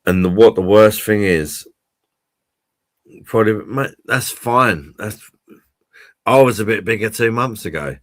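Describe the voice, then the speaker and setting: A man's voice: lowish voice, measured pace, long pauses, no echo. A man hosting a casual live stream, chatting to viewers and swearing freely.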